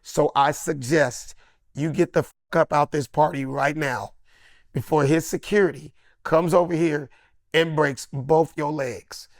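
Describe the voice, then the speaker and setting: A man voicing an adult male friend who gives an urgent, stern warning in a lowered voice. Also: fairly even intonation, a little slow, no room sound, studio quality.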